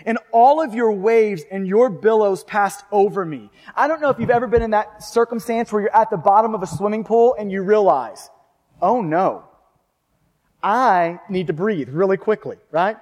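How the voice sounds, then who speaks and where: Male pastor, fervent sermon delivery, high voice, long reverb. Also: a little fast, few pauses, a little mellow. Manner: fervent preaching, reads scripture aloud, asks the congregation questions.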